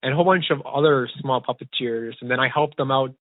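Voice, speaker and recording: Young male podcast host, rambling and excited; dead, narrow phone-quality audio. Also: mid-range voice, quick pace, dry recording. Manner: rambling, eager, many restarts. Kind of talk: casual storytelling chat. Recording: tinny phone-like dry sound.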